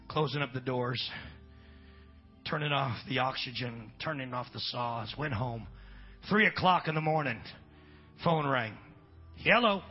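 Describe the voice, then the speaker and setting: A middle-aged pastor telling a story in a folksy sermon, dropping in amens and swinging between loud and hushed. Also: male voice, mid-range voice, gravelly. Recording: dull lo-fi recording with faint music.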